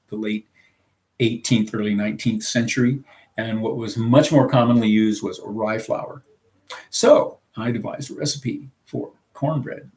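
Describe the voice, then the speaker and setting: A man's voice: fairly low pitch, darkish tone. A man who grew up in the American South, co-hosting a casual live chat aboard a small sailboat, rambling with lots of fillers and chuckles. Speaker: sailing vlog co-host.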